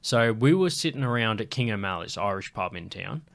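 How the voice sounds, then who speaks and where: A man's voice: lowish voice, animated, fairly quick, vocal fry, fairly bright tone. A young man, a comedian, telling a rambling, sweary story in casual podcast chat. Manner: sweary, laid-back, rambling.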